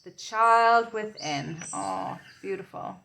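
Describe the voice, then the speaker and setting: A woman's voice: medium pitch, slow pace, creaky, a bit bright. A woman doing an intuitive tarot reading, rambling and searching for her words as she talks. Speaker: tarot reader.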